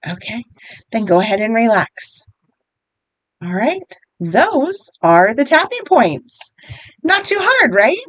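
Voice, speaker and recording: A woman gently guides listeners through a tapping routine, one encouraging step at a time. Her voice sits a bit high and moves with lively melody at an unhurried, slow pace. The sound is close and dry. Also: no echo. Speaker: EFT wellness guide.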